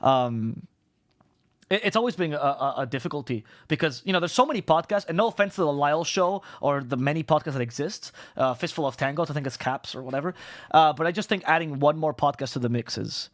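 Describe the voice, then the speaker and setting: A man rattles through casual stream chat at a rapid clip, tripping over and restarting his words and swearing freely. His voice sits a bit high for a man and sounds dry and close, with no room around it. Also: animated, no echo. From Spain. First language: Spanish. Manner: fast, rambling, profane, restarts words. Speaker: esports caster and streamer.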